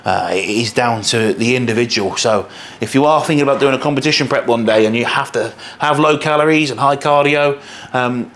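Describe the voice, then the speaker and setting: A young man rambles quickly as he cooks, peppering his talk with swearing. He sounds worn out from the day. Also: mid-range voice, steady tone, a bit bright, a little hiss or hum. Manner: swears a lot, rambling and fast. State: tired. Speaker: fitness coach. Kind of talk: casual cooking vlog.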